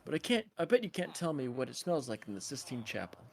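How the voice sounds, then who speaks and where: A man's voice: medium pitch, sing-song, fast, creaky. Guy reading as an earnest therapist lecturing some kid, casual scene read, kinda stumbly. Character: earnest male therapist lecturing a young man.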